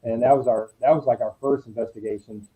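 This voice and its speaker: A man's voice: mid-range voice, fast, poor audio. A middle-aged man, a podcast guest, telling a story in a casual way and acting out what people said. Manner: animated, acts out quoted dialogue.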